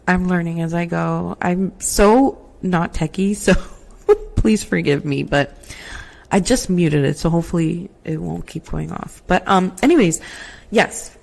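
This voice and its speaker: A young woman with a slightly low voice shares a personal story on her podcast, chatty and emotional, full of "like" and "um". She talks into a laptop microphone at home. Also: gravelly, a little mellow. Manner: emotional, chatty, many fillers and "like".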